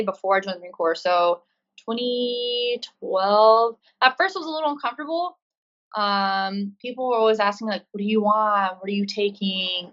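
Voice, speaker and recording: A woman's voice: a little high, pushed and bright. Chatty woman on a dull remote line. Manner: chatty, lots of ums and likes. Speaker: guest, Marine and CrossFit coach. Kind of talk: casual interview answers. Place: living in Australia.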